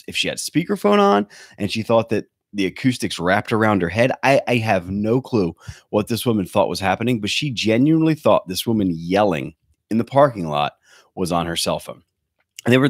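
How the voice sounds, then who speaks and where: A man in his thirties hosts a podcast from his bedroom using a webcam setup, delivering a comedic rant full of sarcasm and swearing. His voice sits low, and the sound is clean and studio-like with no echo.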